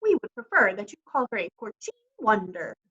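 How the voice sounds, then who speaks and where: A woman's voice: mid-range voice, big pitch swings, fairly quick, bright, forceful tone, slightly rough, full character voice. A woman reading aloud, voicing a proper, self-assured father who speaks formally. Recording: dull lo-fi recording.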